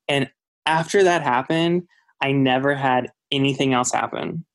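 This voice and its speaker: A man's voice: mid-range voice, measured pace. A man calling in to a podcast to tell a personal story in a casual, rambling way, filling his talk with "like" and acting out what people said. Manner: rambling, heavy use of "like", acts out quoted dialogue. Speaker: listener caller.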